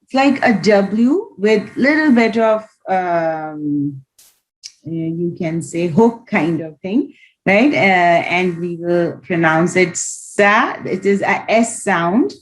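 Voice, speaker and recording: A woman's voice: lowish voice, lively intonation, slow pace, low-quality recording. A woman teaching Quran reading in an online class, patiently demonstrating each letter sound aloud over a video call.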